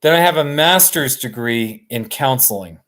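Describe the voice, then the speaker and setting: A man hosting a live stream from his couch, chatting casually in a relaxed, rambling way and chuckling often. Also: mid-range voice, moderate pace. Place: sitting on a couch at home.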